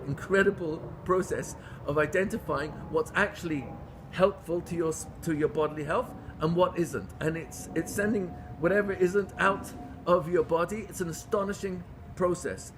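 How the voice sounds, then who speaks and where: A middle-aged man teaching a lively religious class in a fairly high voice. He leans into each point, repeating phrases for stress and asking rhetorical questions. A faint background hiss sits under his voice. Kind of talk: lively Torah lecture.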